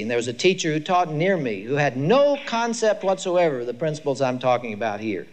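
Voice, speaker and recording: An older man giving a lecture to a live audience, telling stories with emphasis. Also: a little high. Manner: storytelling, emphatic, lively delivery. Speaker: speaker on child discipline.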